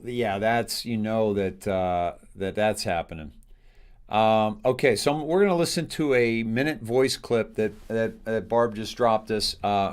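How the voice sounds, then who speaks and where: A man hosting a live show, talking in a rambling, halting way with lots of fillers. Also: fairly low pitch, clear, resonant tone. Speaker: host.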